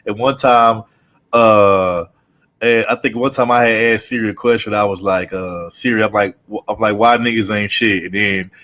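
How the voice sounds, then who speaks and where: A man co-hosting a casual group talk show, telling animated stories, repeating "bro" and swearing freely. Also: fairly low pitch, moderate pace. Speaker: podcast co-host.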